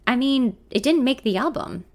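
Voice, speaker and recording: A woman voicing a charming, smooth-talking male songwriter who sweet-talks with pet names in a story reading. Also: sits high, animated, normal speed, a little mellow, voice pushed up. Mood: breezy. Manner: coaxing, sweet-talking, calls her honey and darling.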